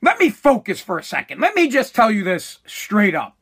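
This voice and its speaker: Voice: medium pitch, huge pitch swings, moderate pace, fairly bright tone, slightly rough. A speaker delivering an angry, profane political rant, heated and repetitive, often restarting sentences. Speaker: political commentator.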